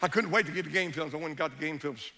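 High, bright animated male preacher. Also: rapid-fire. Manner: animated storyteller, shifts between hushed and shouting. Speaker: pastor. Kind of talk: sermon storytelling.

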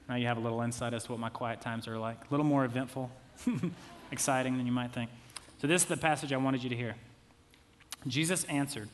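A man's voice: medium pitch, steady tone, brisk. A man in his thirties preaching a sermon as a pastor, talking in a conversational way with jokey asides.

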